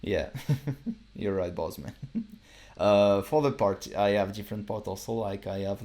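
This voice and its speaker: Male producer, deep voice, casual stream walkthrough, relaxed and rambling with fillers. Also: takes it slowly, pauses often.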